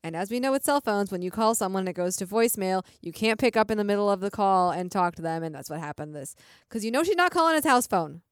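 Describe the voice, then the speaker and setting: Young woman cohost, mid pitch, laid back, kinda trails off, dry sound. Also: fast, smooth, no room sound. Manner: relaxed, trailing off, stumbling over words. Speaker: podcast co-host. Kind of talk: casual chat.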